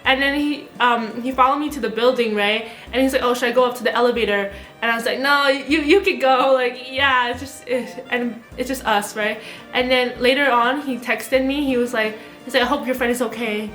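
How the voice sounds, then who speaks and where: Young woman, high bright voice, giggly storytelling, echoey room, faint music. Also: a little fast. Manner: animated storytelling, giggly, lots of fillers. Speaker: guest. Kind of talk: casual chat.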